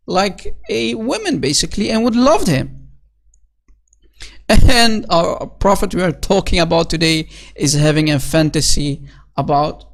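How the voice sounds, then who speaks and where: A speaker giving a solo commentary, reading citations and numbers aloud, then scornfully mocking the passages with sarcastic asides and lots of "basically" and "you know". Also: mid-range voice. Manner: scornful, sarcastic, quick to sneer. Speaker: online religious critic.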